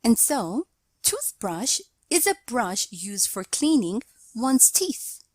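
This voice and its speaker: A woman narrating a scripted grammar lesson, explaining slowly and deliberately and reading out example sentences. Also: on the high side, big pitch swings, no echo. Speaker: English teacher.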